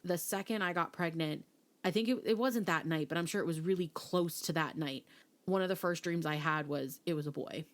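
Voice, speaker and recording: This young adult woman, who is pregnant, speaks in a low-pitched, brisk voice. As a podcast co-host, she tells a story in casual chat and acts out the quoted lines.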